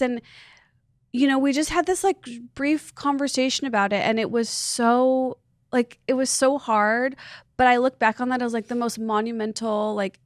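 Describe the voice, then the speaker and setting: A woman in her thirties, appearing as a podcast guest, tells a personal story in a rambling, earnest way peppered with "like." Her voice sits on the high side with fairly even intonation at a normal pace, captured in clean studio quality with no room sound.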